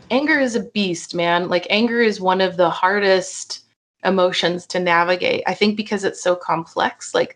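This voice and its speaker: A middle-aged woman psychotherapist talking casually as a podcast guest, animated and chatty, acting out quoted voices and often saying "like" and "right?". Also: on the low side. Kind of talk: casual interview chat.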